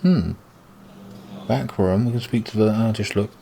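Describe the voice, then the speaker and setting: His voice sits on the low side, unhurried, gravelly, and warm. The British YouTuber curses and rants his way through a let's play, commenting on the video game in front of him.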